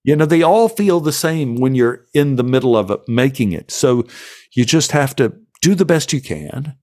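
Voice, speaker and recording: A man's voice: mid-range voice, moderate pace. American guy, middle-aged, yarning on a podcast, jumps into silly voices for quotes. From United States. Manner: animated storyteller acting out voices in quotes. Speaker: actor guest. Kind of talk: storytelling interview.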